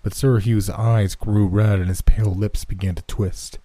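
A man narrating a horror story in a slow, measured way. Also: fairly low pitch, steady tone, dark tone, dry recording.

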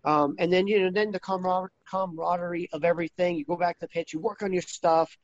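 A man with a notably high voice tells stories in a loose, rambling way, often restarting his sentences. He turns animated when he quotes other people. The recording is dull and dry. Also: quick pace, no echo. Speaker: interview guest. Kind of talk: casual interview chat.

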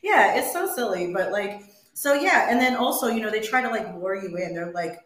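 Blunt, bright-voiced woman in a roomy space. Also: medium pitch, expressive, normal speed, hardly any pauses. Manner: blunt, swears freely, laughs a lot. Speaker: podcast co-host. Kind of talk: casual chat. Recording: roomy echo.

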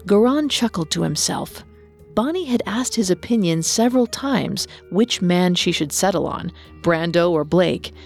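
A woman giving scripted true-crime narration in a measured way, reading quotes aloud in a flat tone. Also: fairly low pitch, gravelly, soft background music. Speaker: podcast narrator.

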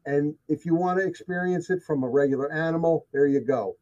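A man's voice: fairly high pitch, fairly quick, a little mellow. A man telling his encounter stories in casual conversation, emphatic and repeating himself for effect. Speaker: guest telling of sightings. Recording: dull lo-fi sound.

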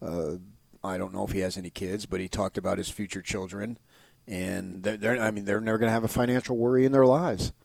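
A man's voice: fairly low pitch, steady tone, fairly quick, creaky, a little mellow, no room sound. Rambling, emphatic male sports talk host. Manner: rambling, emphatic, frequent restarts.

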